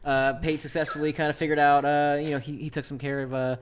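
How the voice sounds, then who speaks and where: A man's voice: fairly high pitch, flat delivery, fast, slight background noise. A man narrating as dungeon master, rambling with lots of fillers. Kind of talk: narrating a tabletop game.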